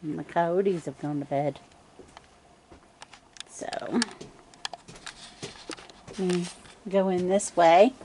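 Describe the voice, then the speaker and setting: An older woman from Nova Scotia, Canada, chatting calmly to the camera outdoors on a cold night, cooing sweetly to animals. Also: lowish voice, extremely slow, long pauses, background noise. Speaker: wife feeding raccoons at home. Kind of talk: casual chat to camera.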